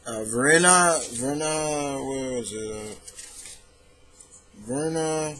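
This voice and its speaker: A man's voice: medium pitch, very slow, a little hiss or hum. A young man talking casually on his own about comic books, rambling and correcting himself as he goes. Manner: rambling, animated, self-correcting. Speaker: comic book reviewer. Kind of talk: casual solo review talk.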